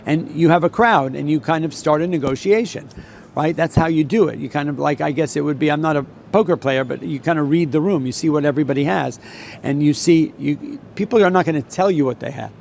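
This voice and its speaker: A man's voice: fairly high pitch, brisk, vocal fry, darkish tone, slight background noise. Rambling older New man. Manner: rambling, many restarts and repeats. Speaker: veteran floor trader. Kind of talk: solo talk with anecdote.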